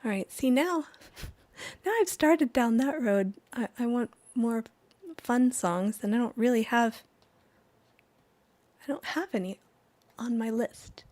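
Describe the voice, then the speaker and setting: A woman's voice: on the high side, slow, a little mellow, dry recording. Chatty woman hosting a live music stream. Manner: chatty, rambling, laughs often. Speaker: livestream singer and host. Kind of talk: casual chat with chat viewers between songs. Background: music playing.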